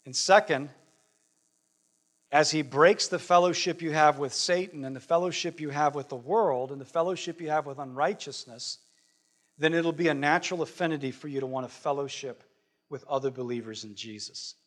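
A man's voice: on the high side, moderate pace, fairly bright tone. A man preaching a sermon as pastor, earnest and conversational, stretching out key phrases for emphasis. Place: church sanctuary.

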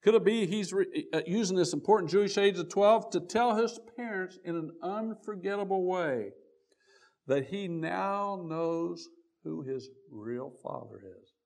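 A man preaching a sermon, reading old-style scripture aloud and stopping often to restart, his voice swelling on key words and then dropping low and quiet. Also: animated, unhurried, vocal fry. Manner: reads scripture aloud in King James wording with frequent restarts.

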